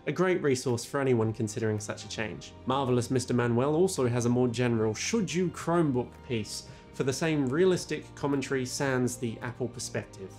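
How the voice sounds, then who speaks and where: A man's voice: mid-range voice, a little fast, few pauses, a little mellow, faint music behind. Playful man hosting tech news. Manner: playful, wry and theatrical. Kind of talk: scripted video narration.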